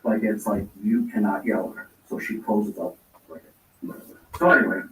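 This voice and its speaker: Male guest, low register, rambling casual storyteller, echoey room with faint background hiss. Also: steady tone, a little fast. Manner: rambling, acts out quoted lines of dialogue. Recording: roomy echo, distant from mic.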